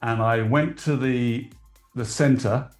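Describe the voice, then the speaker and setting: A middle-aged man from England, a guest in an interview, telling animated, emotional stories about his past in casual chat. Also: mid-range voice, slow, soft background music. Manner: animated storytelling, emotional, self-deprecating. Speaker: guest, toy designer.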